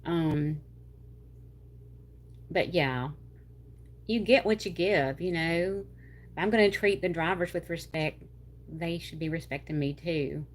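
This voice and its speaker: A rambling, chatty woman with a Southern drawl from North Louisiana, hosting a casual livestream. Her voice sits a little low for a woman, and she stretches out words and tosses in y'all as she reads comments. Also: slow pace, long pauses, slight background noise. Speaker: livestream host. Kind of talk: casual chat reading viewer comments.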